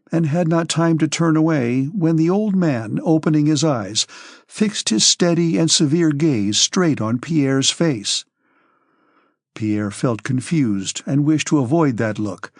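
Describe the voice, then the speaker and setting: Man reading an old novel audiobook, husky voice, steady pace, dead dry close mic. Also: a little high, a little slow, no echo. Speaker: audiobook narrator. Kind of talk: audiobook narration of a classic novel.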